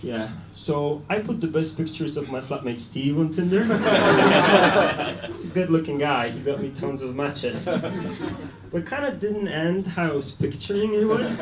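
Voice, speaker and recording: A young man from Poland, doing a deadpan, self-deprecating stand-up set on a comedy club stage. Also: on the high side. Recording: echoey club, mic at a distance, loud noise. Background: audience laughter.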